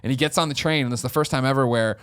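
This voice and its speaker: Racing through his words, a podcast host spins a story in relaxed studio chat and performs the voices of those he quotes. He has a medium-pitched, smooth, somewhat bright male voice.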